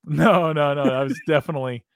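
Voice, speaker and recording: A man's voice: fairly high pitch, steady tone, brisk, no room sound. A man with an American accent, hosting a podcast and telling a long, profane, rambling story in casual chat, often breaking into laughter. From United States. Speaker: podcast host.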